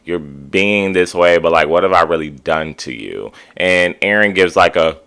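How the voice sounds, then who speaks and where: Low-voiced, sassy reality TV recapper. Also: male voice, lively intonation, moderate pace, fairly bright tone, clean tone. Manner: chatty and sassy, with lots of "like" and "you know". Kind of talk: casual commentary recap.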